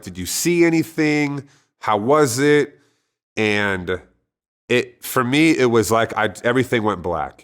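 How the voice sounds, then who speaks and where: A man's voice: low voice, a bit bright. Earnest man telling a story. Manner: earnest, conversational, with frequent restarts. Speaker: storyteller sharing a personal testimony. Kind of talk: casual spoken testimony.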